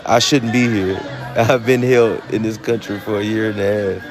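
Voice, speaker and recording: A man's voice: lowish voice, steady tone, normal speed, a crowd in the background. A man with a Southern US accent talking casually on a phone live stream, rambling with many fillers and laughs. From United States. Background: music.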